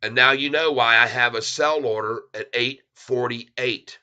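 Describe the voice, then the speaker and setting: Bright-voiced man chuckling through a livestream. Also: medium pitch, a little slow, smooth, lo-fi sound. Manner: chuckling often, talking straight to viewers. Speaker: stock livestreamer. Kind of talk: casual livestream, reading chat aloud.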